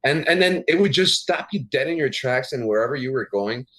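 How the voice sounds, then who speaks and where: An excitable man co-hosting a podcast, his husky voice swinging widely in pitch. He swears and stumbles over restarts. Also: fairly quick. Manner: excitable, profane, stammering restarts. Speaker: podcast co-host. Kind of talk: casual chat.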